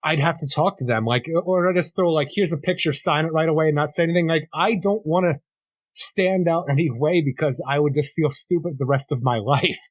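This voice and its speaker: A man's voice: a little high, fairly quick. A man co-hosting a comics podcast, chatting casually and tossing in dry, teasing quips. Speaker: podcast co-host. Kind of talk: casual chat.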